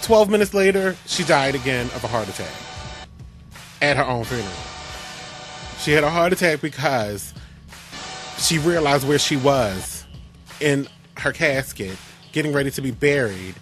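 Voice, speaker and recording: Animated man hosting radio. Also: mid-range voice, a little slow, pauses often, faint music behind. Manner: animated storyteller, restarts often. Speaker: radio show host. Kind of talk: casual radio talk.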